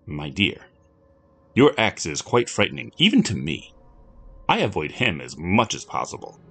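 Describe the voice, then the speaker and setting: A deep, lofty storybook stranger who is prim and condescending, especially toward children, as a man narrating puts him on. He speaks with a low voice that still swings widely in tone. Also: wildly swooping pitch, moderate pace, vocal fry, fairly bright tone, slightly rough, soft background music, full character voice. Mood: cordial. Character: haughty, aloof man in an odd little car.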